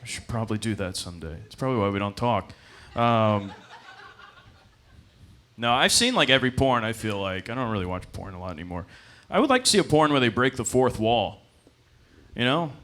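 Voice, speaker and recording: A man in his twenties performing a stand-up comedy set, telling stories with deadpan asides and jumping into high-pitched voices for the characters he quotes. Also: fairly quick. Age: 20s. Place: comedy club stage.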